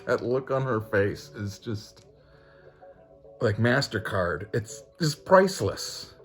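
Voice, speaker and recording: A man's voice: on the low side, sing-song, slow, faint music behind. A man casually reviewing a comic book, rambling with lots of fillers and frequent chuckles. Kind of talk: casual commentary.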